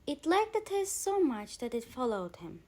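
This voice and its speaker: A woman reading a bedtime story aloud for English learners, clear and expressive. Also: sits high, moderate pace.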